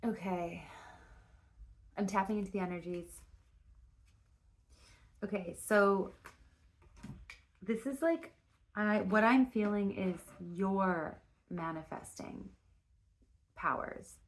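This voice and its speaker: A woman gives a casual spoken tarot reading in a mid-range voice, taking it slowly and pausing often. She rambles, restarts her sentences, and uses frequent fillers and casual swearing.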